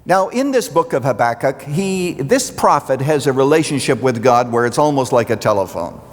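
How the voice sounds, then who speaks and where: A pastor preaching a sermon, building dramatically to loud pleas when quoting scripture. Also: male voice, medium pitch, lively intonation, normal speed. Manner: dramatic, rising to near shouting on quoted pleas. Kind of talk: radio intro then sermon. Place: church sanctuary. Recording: long reverb of a church hall.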